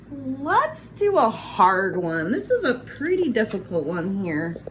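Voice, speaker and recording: A woman teacher leading a phonics lesson on her phone, sounding out words slowly and patiently. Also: medium pitch, a little hiss or hum, poor audio. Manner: slow, patient, encouraging sounding-out. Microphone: phone, set down and picked up.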